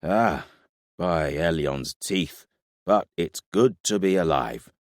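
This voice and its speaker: A man voicing a battered veteran soldier, gruff and wry. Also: sits low, animated, slow, dry recording, studio quality. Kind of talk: audiobook character voice.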